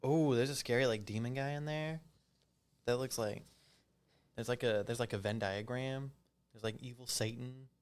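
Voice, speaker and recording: Young man, mid pitch, eager, casual co-host chat. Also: normal speed, long pauses, smooth. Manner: eager, excitable reactions. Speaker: podcast co-host.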